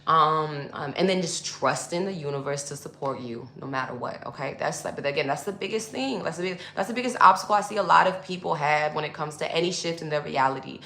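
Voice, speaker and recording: A spiritual coach talks to viewers in a loose, casual teaching monologue to camera, full of fillers and addressing them as y'all. Her voice is low, gravelly and fairly bright, moving fast with hardly any pauses. The room is echoey.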